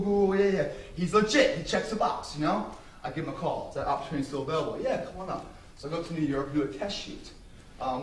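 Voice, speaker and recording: A man giving a motivational speech to an audience, telling stories in a blunt, profane and emphatic way. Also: fairly high pitch. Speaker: invited speaker. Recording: roomy sound from a distant mic, faint noise.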